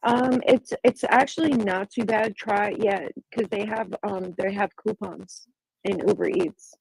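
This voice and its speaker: A woman chatting casually on a livestream, firing off quick questions in a chatty way. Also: mid-range voice, fairly even intonation, creaky, darkish tone, slightly rough, dry recording, low-quality recording. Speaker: livestream guest.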